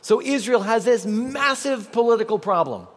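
A man's voice: extremely high pitch, animated, moderate pace. A man preaching a sermon as pastor, conversational and joking with the congregation. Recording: long reverb of a large hall.

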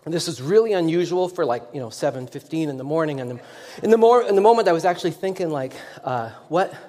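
A man's voice: fairly high pitch, expressive, fast, mellow. A man preaching a sermon as a pastor, telling a story in a rambling, self-deprecating way with many restarts. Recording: long echoing hall reverb.

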